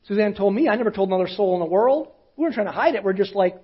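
A pastor with a fairly high, husky voice tells a story from the pulpit, casual and conversational, often sinking to a near hush. The recording sounds dull and lo-fi. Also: male voice, expressive, racing. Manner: conversational, often dropping to a hushed voice. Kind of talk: sermon storytelling.

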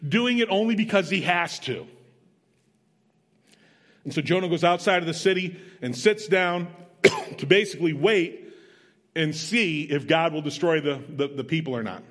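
High-pitched and fairly bright in tone, this man is a missionary preacher giving a sermon. He tells a story in a plain, conversational way, punctuated by emphatic asides, while a big hall lends long reverb.

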